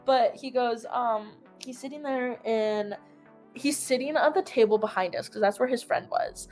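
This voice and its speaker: A woman's voice: a little high, normal speed, soft background music. A young woman casually telling a long story, full of "like" fillers and acted-out quotes. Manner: rambling, filler-heavy "like", animated retelling. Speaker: host.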